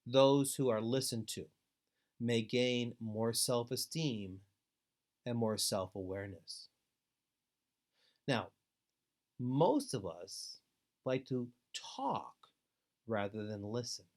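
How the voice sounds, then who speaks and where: A man giving an instructional webinar talk to foster parents, earnest and deliberate, with steady advising emphasis. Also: medium pitch. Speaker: foster care trainer.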